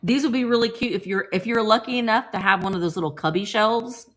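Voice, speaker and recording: A woman's voice: a little high, fast talker, fairly bright tone. A woman hosting a live-chat vlog, showing thrifted finds and chatting casually with viewers by name. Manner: chatty, reads out viewer names, playful voices. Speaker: vintage reseller host.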